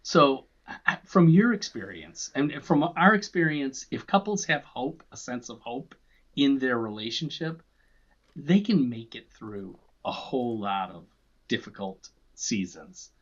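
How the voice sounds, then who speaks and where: A man co-hosting a faith podcast, asking reflective questions in a measured way with hesitant starts. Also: mid-range voice, expressive, a bit bright, lo-fi sound. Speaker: podcast co-host. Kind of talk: conversational interview.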